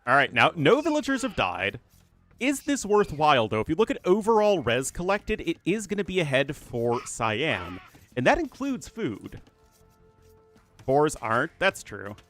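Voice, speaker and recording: A man's voice: fairly high pitch, huge pitch swings, a little slow, a bit bright, faint music behind. A man with a General American accent casting a live strategy game and chatting with viewers between plays. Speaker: esports caster.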